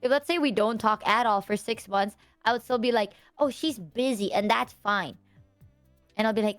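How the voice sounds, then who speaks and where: A woman's voice: a little high, moderate pace, a bit bright. A woman chatting casually, earnest and rambling as she explains herself. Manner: earnest, rambling, lots of fillers and quoting herself. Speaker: streamer. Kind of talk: casual chat.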